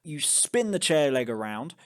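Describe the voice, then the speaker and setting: A man's voice: a little high, big pitch swings, a little slow. A man narrating a tabletop game as game master, casual and loose, with filler words.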